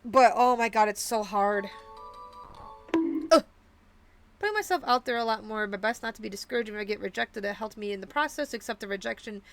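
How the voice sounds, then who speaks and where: A woman's voice: medium pitch, fairly quick, long pauses, soft background music. A young woman streaming a video game, chatting casually with her viewers in a rambling way full of fillers and restarts. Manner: rambling, many fillers and restarts, talks to chat. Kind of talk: casual live-stream chat while gaming.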